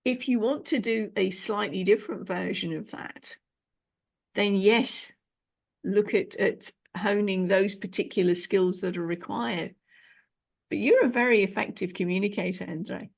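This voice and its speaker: Gravelly-voiced British woman host. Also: medium pitch, unhurried. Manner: encouraging, expressive, animated. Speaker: podcast host and speaking coach. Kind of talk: conversational interview.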